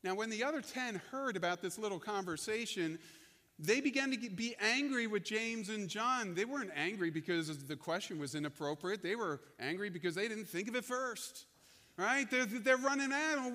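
Animated high-voiced male pastor preaching. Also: normal speed, in a large hall. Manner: animated storytelling, acts out quotes. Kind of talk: sermon.

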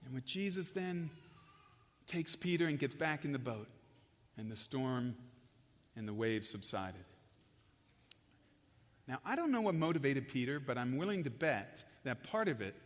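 A man preaching a sermon with passion, building in loudness and then dropping to a hush. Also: medium pitch, very animated, normal speed, pauses often. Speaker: pastor. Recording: long echo of a large hall.

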